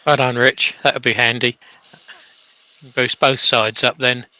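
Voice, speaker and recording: A man with a bad cough sits in an office and reads out viewer comments. He talks in a chatty, teasing way, and his voice is bright and clear. His pitch sits in the middle of the range. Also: flat delivery, measured pace, low-quality recording. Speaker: co-host reading viewer comments. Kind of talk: casual live-stream chat.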